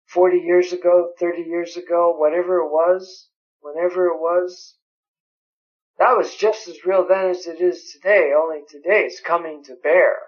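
A man preaching a sermon, emphatic and quoting scripture at length. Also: high-pitched. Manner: emphatic, quotes scripture in several languages. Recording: dull lo-fi recording.

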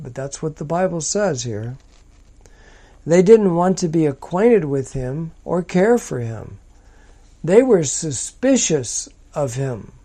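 A man teaching from a psalm in a slow, deliberate, emphatic manner. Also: on the high side, dark tone. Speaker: preacher.

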